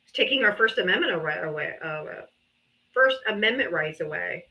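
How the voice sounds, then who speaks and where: A woman's voice: lowish voice, expressive, fairly quick, sharp tone, poor audio. A woman hosting a live debate stream, talking in a mocking, profane and exasperated way. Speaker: livestream host. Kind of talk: heated live debate chat.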